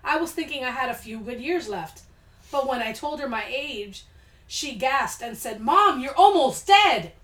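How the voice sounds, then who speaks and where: Woman podcast host, kinda high voice, reads listener stories then goes "hell no", roomy echo. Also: moderate pace, fairly bright tone. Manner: laid-back, reacts with blunt asides. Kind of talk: casual chat reading listener stories aloud. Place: home studio room. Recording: echoey room.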